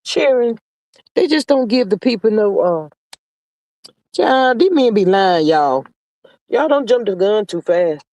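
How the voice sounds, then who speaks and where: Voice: mid-range voice, very animated, a little slow, pauses often, darkish tone. A sassy live stream host chatting gossip and reading viewer comments, drawling out pet names between playful hums. The voice sits in a middle register and sounds dry and close, with no room echo. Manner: sassy and drawling, full of "child" and "honey" asides; playful, with sing-song hums and laughs.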